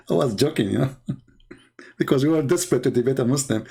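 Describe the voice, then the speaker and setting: A man's voice: mid-range voice, expressive, vocal fry, mellow, breathy edge. A man telling a mocking story in a rambling, casual monologue as an online debater. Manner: rambling, mocking, quick restarts.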